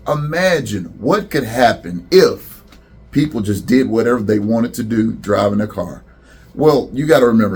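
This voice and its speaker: A man's voice: mid-range voice, slightly rough. A middle-aged man, a school principal, addressing students in a welcome video and leading them in call-and-response chants.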